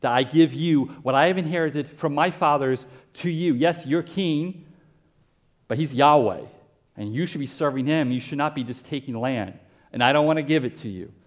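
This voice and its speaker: A man's voice: on the high side, moderate pace, close to an everyday voice. A man voicing a devout landowner firmly refusing a king. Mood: defiant.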